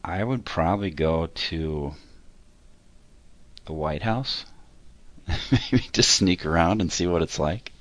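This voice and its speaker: A man answering interview questions about himself and his accounting work, talking in a halting, rambling way that keeps correcting itself. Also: low-pitched, dry recording.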